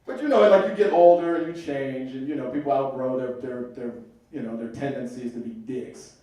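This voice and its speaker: A man's voice: medium pitch, a little fast, mellow. A man doing a stand-up comedy set in a comedy club, telling stories in a loose, profane way. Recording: echoey club from far off.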